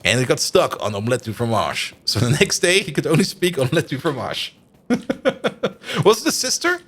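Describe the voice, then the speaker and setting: A man's voice: on the high side, sing-song, normal speed, a bit bright, husky. A man streaming a game live, chatting and thinking aloud as he plays and laughing often. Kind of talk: live stream commentary while playing.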